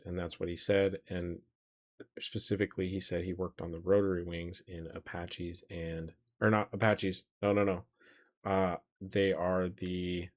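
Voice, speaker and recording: Slow, laughing male storyteller. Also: low-pitched. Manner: rambling, laughs often, self-correcting. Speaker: streamer. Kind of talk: casual storytelling.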